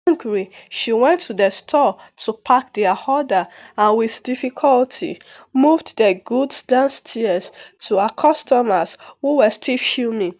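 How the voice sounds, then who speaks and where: A woman narrates a folktale in a steady, even reading manner. Her voice sits fairly high. The recording is dull and lo-fi, as if slightly muffled. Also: a little slow. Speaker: storyteller.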